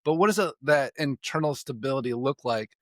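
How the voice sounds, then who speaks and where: A man's voice: medium pitch, animated, fairly quick, a bit bright, dry recording. Give me a reflective man on a podcast, rambling, in a dry room. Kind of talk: casual conversation.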